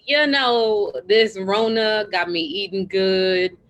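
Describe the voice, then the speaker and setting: A relaxed woman guest chats frankly and playfully on a podcast. Her voice sits in an ordinary middle pitch. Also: slow, muffled recording. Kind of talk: casual chat.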